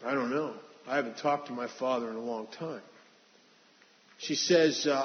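A man earnestly shares a confessional testimony about his recovery, restarting phrases along the way. His medium-pitched voice moves at a normal speed with long pauses. The hall recording is dull and reverberant, with a little hiss or hum.

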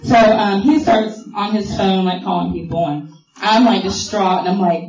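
A woman's voice: medium pitch, moderate pace, a little mellow. Woman telling her story, far off. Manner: storytelling with many fillers, mimicking others. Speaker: speaker sharing a recovery story. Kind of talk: personal testimony at a meeting. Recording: echoey hall from far off, dull.

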